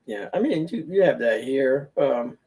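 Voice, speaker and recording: Laid-back guy chatting, swears a bit, kinda higher voice. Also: big pitch swings, measured pace, vocal fry, warm tone, slightly rough. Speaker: podcast host. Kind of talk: casual chat.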